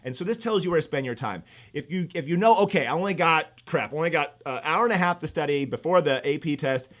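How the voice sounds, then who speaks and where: A middle-aged man teaching economics on a live stream, energetic and hyped, rambling with lots of fillers. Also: fairly high pitch, fast. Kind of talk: live-streamed exam review.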